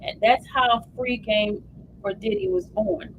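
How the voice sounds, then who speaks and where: A woman's voice: a little high, unhurried, dull audio, background noise. A woman hosting a livestream, giving emotional live commentary and reading updates aloud to viewers. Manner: animated, emotional, addresses viewers as y'all. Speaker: livestream host.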